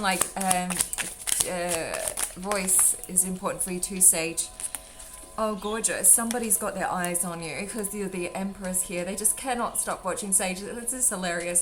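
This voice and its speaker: A woman doing a casual tarot reading for viewers, rambling and affectionate, calling them sweetheart and darling. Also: on the low side. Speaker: tarot reader. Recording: faint drum music underneath. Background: faint drum music.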